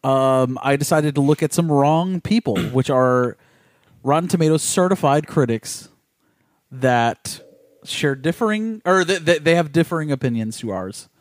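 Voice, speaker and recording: A man's voice: a little high, animated, unhurried, no room sound. A man co-hosting a casual podcast in a laid-back way, swearing casually. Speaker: podcast co-host. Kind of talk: casual chat.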